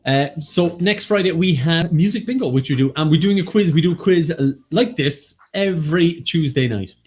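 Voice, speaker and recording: A man's voice: fairly high pitch, a little mellow. A man hosting a casual live online quiz, joking and reading out scores. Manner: joking, quick banter, reads out scores. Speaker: quiz host.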